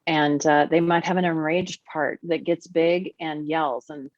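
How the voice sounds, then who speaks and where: A woman's voice: low-pitched, steady tone, unhurried, dry recording, muffled recording. A woman guest on a podcast, explaining her ideas earnestly, with occasional laughs. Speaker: podcast guest, therapist and teacher. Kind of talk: podcast conversation.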